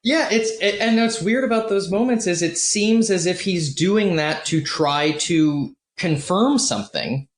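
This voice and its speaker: A man hosting a podcast, talking through a film in a measured, analytical way. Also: high-pitched, expressive. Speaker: podcast host. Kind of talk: casual film discussion. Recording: roomy echo.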